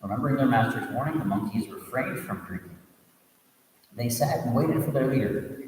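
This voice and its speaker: A man, a reverend, tells a Buddhist tale as a sermon, reading aloud with asides and restarts and giving the characters lively voices. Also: mid-range voice, moderate pace, slight background noise. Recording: echoey, reverberant room audio from a distant mic.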